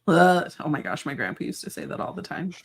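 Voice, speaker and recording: Low-voiced middle-aged woman, chatty guest, quick to laugh. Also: sing-song, vocal fry, husky. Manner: laughing, storytelling, playful. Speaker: podcast guest. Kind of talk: casual chat.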